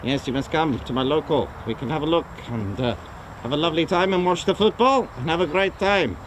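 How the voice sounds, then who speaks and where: A man's voice: on the high side, fairly quick, a little hiss or hum, lightly acted. A man voicing a cheery German man heading home for the football, with a German accent and stiff, formal phrasing. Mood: cheerful.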